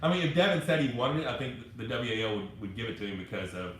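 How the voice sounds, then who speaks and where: A man's voice: medium pitch, sing-song, a bit bright, slight background noise. Man hosting a live chat, echoey room. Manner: loose, halting, reads comments aloud with restarts. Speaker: live-stream host answering viewer comments. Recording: echoey room with faint ambience.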